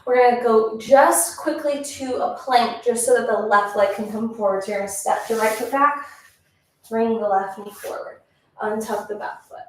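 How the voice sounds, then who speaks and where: A woman's voice: a little high, moderate pace, slight background noise. A woman teaching a pilates class, counting reps and giving encouraging cues, a little out of breath. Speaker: pilates instructor. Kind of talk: workout instruction. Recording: echoey room, mic at a distance.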